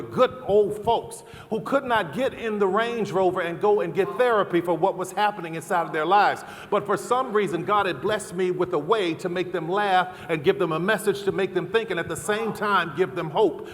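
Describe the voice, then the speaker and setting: A middle-aged man giving a fervent, preacherly convention speech, building to loud repeated calls. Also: sits high. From American South. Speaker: keynote speaker. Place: large convention hall. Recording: long hall reverb.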